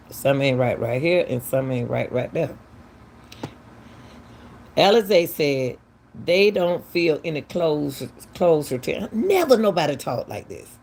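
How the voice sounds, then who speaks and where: A woman's voice: sits low, big pitch swings, measured pace, gravelly, darkish tone, a little hiss or hum. A woman, hosting casual true-crime commentary, talking emphatically and firing off repeated, incredulous questions. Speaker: commentary channel host.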